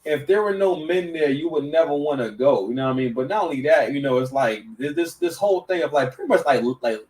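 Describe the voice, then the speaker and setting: A man's voice: a little high, fast talker, far from the mic, low-quality recording. A man giving casual reaction commentary, stammering and restarting, full of slang. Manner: stammering, slang-heavy, animated.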